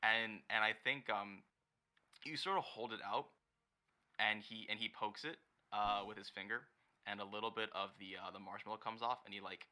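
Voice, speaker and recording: Bright-voiced man narrating as game master. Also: fairly low pitch, steady tone. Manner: halting, rambling, searches for words mid-sentence. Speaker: dungeon master. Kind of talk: improvised tabletop game narration.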